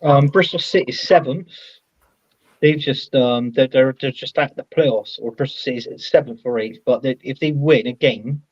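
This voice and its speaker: A man's voice: medium pitch, normal speed, breathy edge, dry recording, lo-fi sound. A man talking casually as a guest on a livestream, rambling and hesitant. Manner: rambling, hesitant, many restarts and fillers. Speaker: guest co-host.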